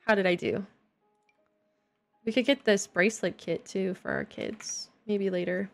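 A playful woman chats to her stream audience while she builds in a game. Her voice sits in an ordinary middle pitch. Light game music plays quietly behind her. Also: fairly even intonation, measured pace, gravelly. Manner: playful, chatty, reacting to viewers. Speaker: livestreamer. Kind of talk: casual live-stream chat while playing. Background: faint game music.

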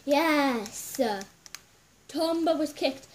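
A woman's voice: high voice, expressive, slow pace. A woman hosting a casual gaming video, giggling and chatting straight to her viewers as she plays. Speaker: gameplay video host.

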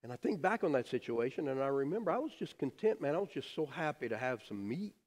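A middle-aged man preaching a sermon as pastor, telling stories with animated emphasis that drops to soft, quiet phrases. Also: mid-range voice, fast. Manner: animated storytelling, swings from loud emphasis to soft near-whispers. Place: church sanctuary. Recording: long hall reverb.

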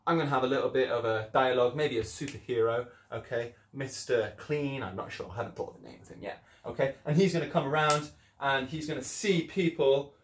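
A man's voice: medium pitch, fairly quick, echoey room, a little hiss or hum. A man teaching children an English lesson in a chatty, encouraging way, explaining things step by step. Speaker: primary school teacher.

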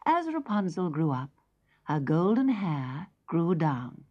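Slow, expressive woman storyteller. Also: on the low side. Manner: slow, expressive, sing-song reading with soft whispers. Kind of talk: scripted children's story narration. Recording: lo-fi tape with faint music.

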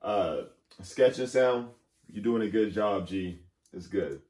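A man hosting a reaction video, talking to his viewers in a relaxed, casual way. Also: fairly low pitch, takes it slowly, roomy sound. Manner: relaxed, talks to viewers directly. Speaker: reaction channel host.

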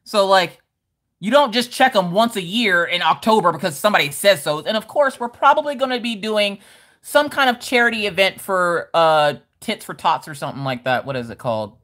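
A lively woman livestream host with a bright, medium-pitched voice chats casually and a little fast, reading out viewer comments. She's loud, bawdy and joking, and laughs a lot.

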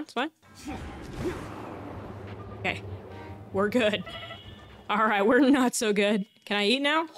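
A woman with a fairly high voice chatting her way through a video game. She is excitable and jokey, swears freely and talks to herself as she plays. Faint game music runs underneath. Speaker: gaming YouTuber. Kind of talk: casual gameplay commentary.

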